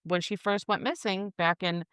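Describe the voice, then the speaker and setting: A woman's voice: medium pitch, steady tone, moderate pace, a bit bright, clear, resonant tone, no echo, clean studio sound. A woman in her thirties co-hosting a casual true-crime podcast, telling the story bluntly with lots of swearing. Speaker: podcast co-host.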